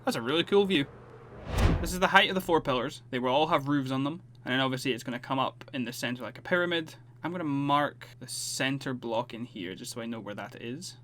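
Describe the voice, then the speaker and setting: Exasperated gaming commentator. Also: male voice, mid-range voice, brisk, a bit bright, slight background noise. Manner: self-deprecating, exasperated, talks to himself while playing. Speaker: gaming YouTuber. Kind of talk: let's play commentary.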